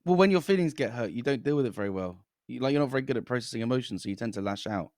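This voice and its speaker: Brief: male compere, rapid lively delivery, dry close sound. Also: medium pitch, dry recording. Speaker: comedian and compere. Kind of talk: quick casual storytelling.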